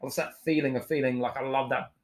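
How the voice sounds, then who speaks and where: Man, forties, podcast guest, candid and profane, middle-pitched voice, emotionally open storytelling. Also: steady tone, quick pace.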